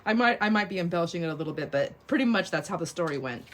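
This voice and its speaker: A middle-aged woman hosting a craft livestream, telling stories in a casual, animated way and laughing often. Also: on the low side, very fast, slight background noise. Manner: animated, laughs often, acts out quoted voices. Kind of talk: casual storytelling chat while crafting.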